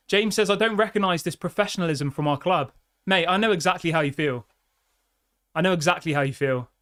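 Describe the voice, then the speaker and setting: Excitable football fan on a live stream. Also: male voice, a little high. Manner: excitable, chatty, reads viewer comments. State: out of breath. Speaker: fan channel host.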